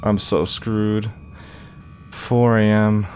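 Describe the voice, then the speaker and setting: A man's voice: fairly low pitch, flat delivery, very slow, darkish tone, slight background noise. A young man commenting on a horror game as he plays, talking to himself, groaning and exclaiming when things go wrong. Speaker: gameplay commentator. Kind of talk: let's play commentary.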